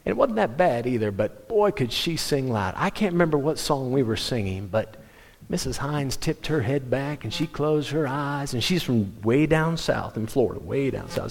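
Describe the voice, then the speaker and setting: Man preaching in a reverberant hall. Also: fairly high pitch. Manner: animated storytelling, self-interrupting restarts. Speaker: pastor. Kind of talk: sermon. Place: church sanctuary.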